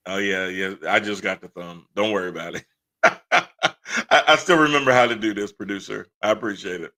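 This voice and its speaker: A man's voice: on the low side, fairly quick, sharp tone. A man hosting a casual livestream talk show, blunt and impassioned, laughing often. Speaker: host.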